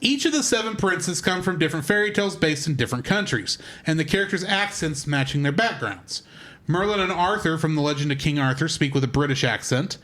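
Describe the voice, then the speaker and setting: A man co-hosting a film podcast, reading out a plot summary and trivia in a steady read-aloud way with small slips. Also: fairly high pitch, fairly quick. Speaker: podcast co-host.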